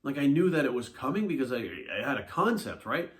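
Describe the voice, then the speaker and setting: Fitness coach guy talking fast, blunt and swearing a lot, casual storytelling. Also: medium pitch, very animated. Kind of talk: casual monologue to camera.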